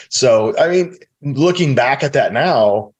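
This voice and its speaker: This middle-aged Midwestern American man guests on a casual podcast interview, earnestly and reflectively recounting stories from his own life. His voice is medium in pitch with a breathy edge.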